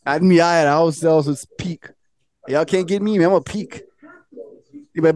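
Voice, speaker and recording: A man's voice: on the high side, fairly quick, a little mellow. A man hosting a casual podcast chat, telling a story with lots of laughter and acted-out quotes. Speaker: podcast host.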